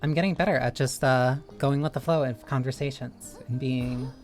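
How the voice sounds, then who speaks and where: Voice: mid-range voice, steady tone, normal speed, a little mellow, faint music behind. A streamer chatting casually while playing a game, rambling loosely from one thought to the next.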